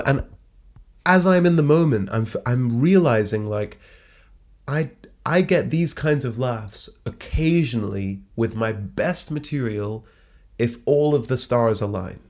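A stand-up comedian, telling an anecdote in a casual, animated way and jumping his pitch to act out quoted lines.

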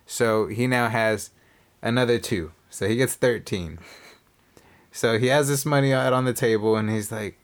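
A man's voice: mid-range voice, normal speed. A man co-hosting a podcast, telling a casino story in casual chat, acting out the people in it and swearing freely. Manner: animated storyteller, acts out quotes, swears casually. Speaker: podcast co-host.

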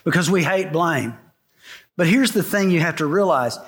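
Emphatic middle-aged pastor preaching. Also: male voice, a little high, lively intonation, normal speed, a bit bright. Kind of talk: sermon. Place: church sanctuary before a congregation.

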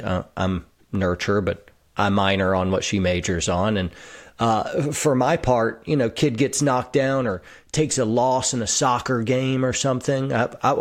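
A man hosting an interview, earnest and affirming, often rephrasing his questions back to the guest. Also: on the low side. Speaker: podcast host. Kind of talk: conversational interview.

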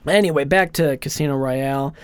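A man's voice: medium pitch, quick pace, over a noisy crowd. A man co-hosting a podcast, chatting casually about a movie with joking, playful asides. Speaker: podcast co-host.

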